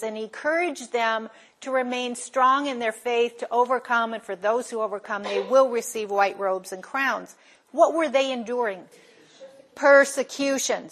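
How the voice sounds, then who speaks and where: Lively woman teaching Bible study. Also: on the high side. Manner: asks the class questions and answers them herself.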